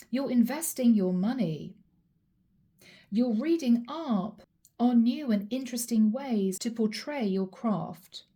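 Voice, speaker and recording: A woman reading tarot cards aloud in a mellow, fairly high voice. She talks emphatically, repeats her key points and drops into quick asides that voice the listener's thoughts. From Europe. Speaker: tarot reader.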